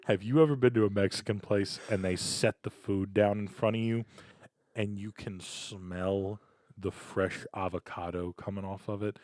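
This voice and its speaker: A young adult man co-hosting a podcast, telling animated stories in casual chat, with lots of repeated words and stretched-out emphasis. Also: on the low side, moderate pace, dry recording. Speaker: podcast co-host.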